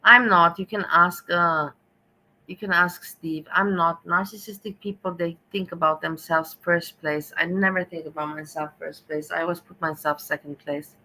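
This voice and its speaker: Woman streamer, sarcastic and rambling, a bit low with a bright edge. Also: fairly even intonation, normal speed, poor audio. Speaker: stream host. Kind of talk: commentary.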